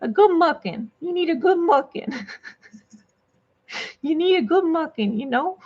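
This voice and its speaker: A woman's voice: very high voice, lively intonation, unhurried, highs cut off, pitched above the performer's own voice. Woman putting on a sassy old Southern grandma. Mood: folksy. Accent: put-on Southern US. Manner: drawling, sassy, mock-indignant. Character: dignified old Southern grandma, bossy and folksy.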